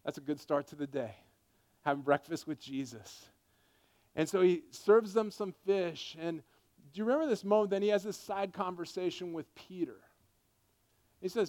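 A man preaching a sermon, impassioned, swinging between loud rising lines and hushed quiet ones. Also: high-pitched, normal speed. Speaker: pastor.

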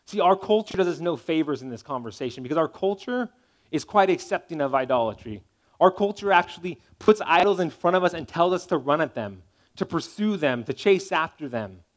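A man delivering a sermon in a fairly high voice. He preaches in a conversational, emphatic way and keeps checking in with his listeners. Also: expressive, normal speed. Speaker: pastor.

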